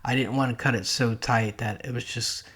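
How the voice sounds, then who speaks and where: A middle-aged man hosting a DIY car channel, calmly narrating a project step by step in a plain, matter-of-fact way. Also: mid-range voice, moderate pace, slightly rough.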